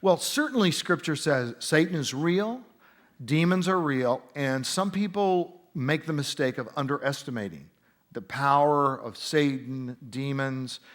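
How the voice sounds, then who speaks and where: Lively high-voiced man explaining scripture. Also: unhurried. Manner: animated, explaining scripture with emphatic asides. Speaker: interview guest, Bible teacher. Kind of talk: conversational interview answer. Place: conference center.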